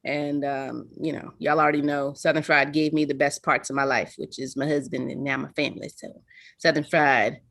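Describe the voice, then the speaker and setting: Thirtysomething woman on a zoom call, lowish bright voice, playful and teasing, swears casually. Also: flat delivery, moderate pace, vocal fry, no echo, studio quality. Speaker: slam organizer. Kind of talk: casual livestream thank-you speech. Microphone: video call.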